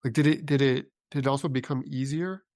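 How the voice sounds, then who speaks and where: A man hosting a podcast interview, affirming his guest and asking halting, searching questions. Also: mid-range voice, fairly even intonation, darkish tone, no echo, clean studio sound. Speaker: podcast host. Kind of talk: interview conversation.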